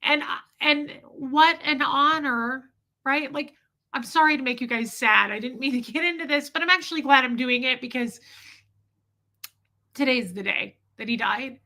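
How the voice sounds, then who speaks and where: A woman's voice: high-pitched, moderate pace, bright, forceful tone. A woman hosting a podcast, telling a personal story in a rambling, candid, emotional way and swearing freely. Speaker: podcast host.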